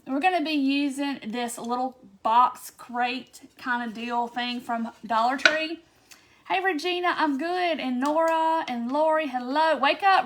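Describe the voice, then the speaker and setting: A woman hosts a live craft session. She chats easily in a high voice and greets each viewer by name as she preps her project. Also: a bit bright. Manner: chatty, greets viewers one by one. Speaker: craft livestream host. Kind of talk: casual livestream chat.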